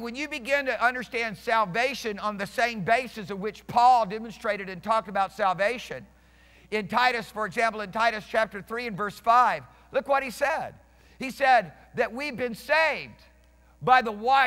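A man's voice: extremely high pitch, moderate pace, pushed and bright. A male pastor preaching a sermon emphatically, restarting phrases and questioning his congregation. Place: church sanctuary. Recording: reverberant church hall.

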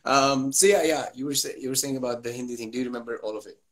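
A man's voice: mid-range voice, rapid-fire, a bit bright. A young man hosting a live video stream, chatting casually, laughing often and greeting viewers by name.

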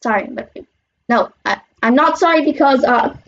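A woman hosting a gaming channel, giving excitable, chatty running commentary on her gameplay with sudden squeals. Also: high voice, moderate pace, lo-fi sound.

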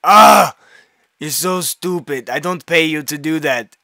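A man putting on the voice of his uptight, angry former restaurant boss, shouting scoldings. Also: a little high, animated, a little slow, vocal fry, no room sound, clean studio sound, voice pushed up, full character voice.

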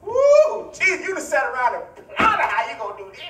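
High, lively preacher echoing through a church. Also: male voice, quick pace. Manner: animated, playful, hollering and teasing the congregation. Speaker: pastor. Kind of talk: teaching sermon with congregation call-and-response. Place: church sanctuary. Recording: echoey church, voice from far off mic.

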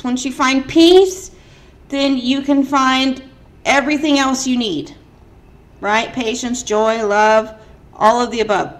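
High-voiced chatty woman card reader. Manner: chatty, emphatic, lots of filler "like". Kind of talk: casual spiritual reading to camera.

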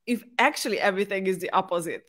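A woman's voice: mid-range voice, fast. Woman telling stories. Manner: animated, lively storytelling. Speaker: host. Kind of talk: casual conversation.

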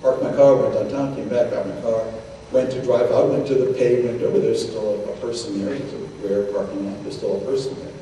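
A man's voice: medium pitch, fairly even intonation, fairly quick, dark tone. Older man lecturing in an echoey hall. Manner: anecdotal, conversational, quotes people in dialogue. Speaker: guest lecturer. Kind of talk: storytelling lecture. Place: synagogue hall. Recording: echoey hall, distant mic, noisy.

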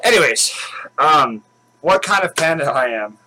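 A man's voice: on the high side, lively intonation, a little slow, bright, forceful tone, a little hiss or hum, rough recording. A man hosting his own channel at home, chatting casually and rambling with lots of fillers and restarts. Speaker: channel host. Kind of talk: casual chat.

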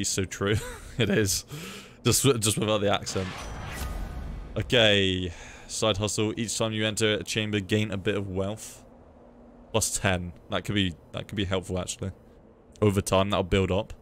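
A man's voice: on the low side, a bit bright, a little hiss or hum. A young man streaming a game, chatting casually, swearing freely and reading chat aloud. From United Kingdom. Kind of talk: casual live gameplay commentary.

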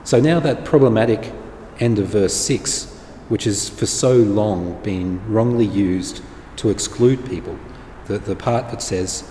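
A man's voice: on the low side, moderate pace, dark tone. Man preaching in an echoey hall. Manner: plain-spoken, informal and explanatory. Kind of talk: conversational sermon to an online congregation. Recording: echoey hall with faint background noise.

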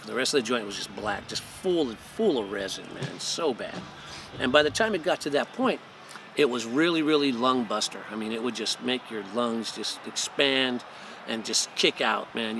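A man's voice: mid-range voice, creaky, noisy background. A man hosting his own channel, telling a story in a laid-back, profane way and saying "man" at the end of many phrases. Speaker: cannabis breeder and channel host. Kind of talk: casual storytelling.

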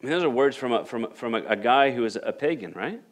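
A man's voice: mid-range voice, expressive, quick pace. A male pastor preaching a sermon, reading scripture aloud and building to emphatic rhetorical questions. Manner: repeats and restarts phrases while reading scripture aloud.

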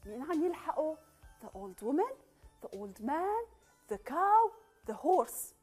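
A woman reads a children's story aloud as a teacher, coaxing and asking the little listeners questions. Her voice is very high and lively, rising and falling a lot. Faint music plays underneath. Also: normal speed.

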